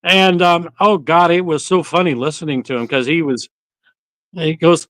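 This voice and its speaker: A man's voice: fairly high pitch, fairly even intonation, normal speed, fairly bright tone, no echo, rough recording. A man hosting a casual live-stream chat, telling rambling stories and swearing casually. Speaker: host of a barbecue channel livestream.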